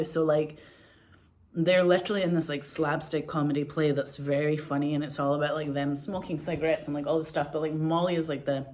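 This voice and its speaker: A woman's voice: deep voice, steady tone, brisk, a little mellow. A woman in her forties, a podcast host, telling stories in a loose, chatty way full of fillers. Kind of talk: casual storytelling.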